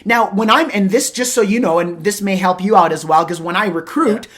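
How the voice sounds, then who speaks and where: Animated, rambling male host. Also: high-pitched, brisk. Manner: animated, rambling, acts out conversations. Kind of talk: casual interview chat.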